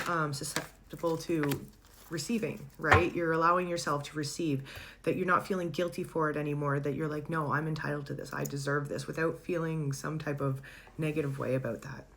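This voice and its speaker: Low-voiced woman giving a chatty tarot reading. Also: noisy background. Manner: chatty, warm-hearted, laughs often, searches for words. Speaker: tarot reader.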